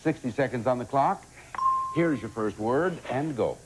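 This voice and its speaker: A male game show host with a lively, swooping voice that rises and falls as he runs the round. He encourages the players and laughs easily. Faint hiss sits behind him on an old broadcast tape. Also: mid-range voice, moderate pace.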